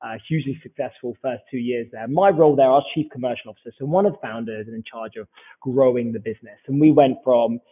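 A man's voice: medium pitch, fast talker, breathy edge. A British man in his forties, a startup founder, telling stories in a casual interview and acting out the dialogue as he goes. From United Kingdom. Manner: animated anecdotal storyteller who acts out dialogue. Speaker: startup founder, podcast guest. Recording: tinny phone-like line.

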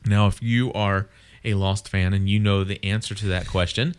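A man's voice: fairly low pitch, fairly even intonation, normal speed, smooth. A man hosting a podcast, chatting casually and rambling with many restarts and fillers. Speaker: podcast host. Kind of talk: casual chat.

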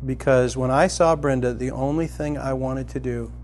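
A middle-aged man preaching a sermon as a pastor, telling a personal story and climbing to loud, excited emphasis. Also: medium pitch, moderate pace, a little hiss or hum.

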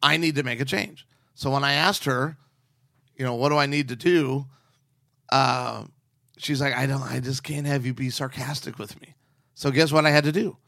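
A middle-aged man co-hosting a talk podcast, telling stories in a sarcastic, animated way. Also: medium pitch, moderate pace, creaky, no echo, clean studio sound. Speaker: podcast co-host. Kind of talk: casual chat.

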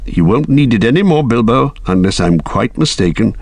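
Brief: calm old wizard, deliberate and probing, read by a male narrator, gravelly voice. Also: medium pitch, dry recording. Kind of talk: audiobook reading.

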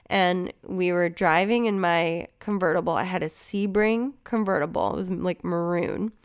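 A woman with a lowish, smooth and clear voice hosts her own podcast alone. She talks casually and loosely, swearing often and drifting into side remarks as she tells stories. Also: moderate pace. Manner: chatty, profane, rambling asides. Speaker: podcast host. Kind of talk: casual solo podcast chat.

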